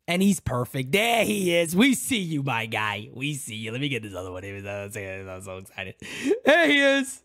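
A young man hosts a live reaction stream with loud, excitable energy. His pitch leaps up and down as he shouts out names from his chat. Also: moderate pace, hardly any pauses.

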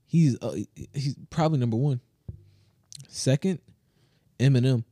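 A man co-hosting a podcast in casual chat, telling stories in an animated, slangy way with lots of fillers, speaking close to the mic. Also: medium pitch, normal speed, no echo. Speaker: podcast co-host.

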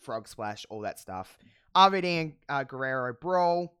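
A podcast host casually recapping a wrestling show, telling it with animated, profane storytelling and frequent laughs. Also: mid-range voice, normal speed, smooth, dry recording, studio quality. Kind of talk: casual chat.

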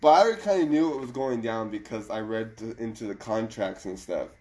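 A man's voice: lowish voice, fairly quick, a little mellow. A man co-hosting a casual chat show, laid-back, swearing often and laughing a lot.

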